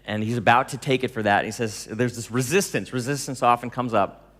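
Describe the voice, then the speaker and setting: A man giving a storytelling talk to an audience, animated, laughing often and acting out dialogue. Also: mid-range voice, fairly quick, big-room sound. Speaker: speaker telling stories to an audience.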